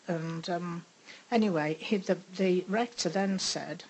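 Slow-spoken older woman. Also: medium pitch, low-quality recording. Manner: unhurried, reflective, with frequent pauses and ums. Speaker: speaker sharing a faith testimony. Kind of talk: personal testimony.

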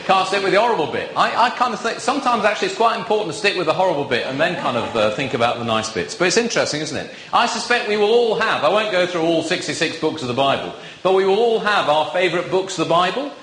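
This animated visiting preacher speaks fast with hardly any pauses, his high voice fairly bright. He teases his congregation in a chatty sermon inside an echoey box-pew church.

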